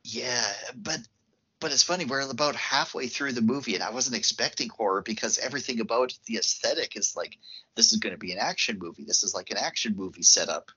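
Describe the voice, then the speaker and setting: A man co-hosting a podcast, chatting casually about films in an expressive, reactive way. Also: medium pitch, slightly rough. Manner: expressive and reactive, quick asides. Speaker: podcast co-host. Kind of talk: casual film discussion. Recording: slightly muffled lo-fi podcast audio.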